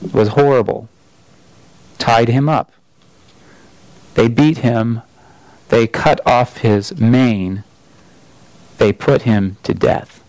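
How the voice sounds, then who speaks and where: A man preaching a Sunday sermon who reads a story aloud in an expressive, emphatic way. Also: mid-range voice, no room sound, poor audio. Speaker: pastor.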